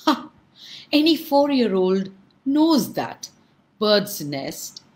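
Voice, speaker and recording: Boastful, scoffing rich governor in a told folk tale, voiced by a woman storyteller; low voice, slow delivery. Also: very animated, a little mellow, rough recording. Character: proud wealthy male governor, demanding.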